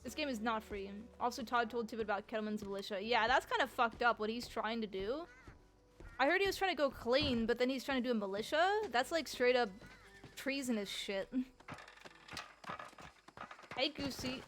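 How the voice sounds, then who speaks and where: A woman's voice: on the high side, moderate pace, long pauses, fairly bright tone. A woman streamer chatting casually with her viewers about her role-play character, swearing freely. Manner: chatty, swears, talks to chat.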